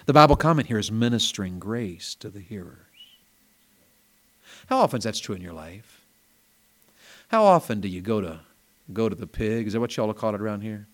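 A man preaching a revival sermon in a small church, folksy and storytelling, rising to loud emphatic peaks. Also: fairly low pitch, big pitch swings, brisk, long pauses.

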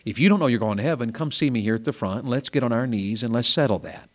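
A man preaches a revival sermon in a small church, his voice at a middle pitch. He talks in a folksy, storytelling way, chatting with the congregation, then climbs to loud, emphatic peaks. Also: fast talker.

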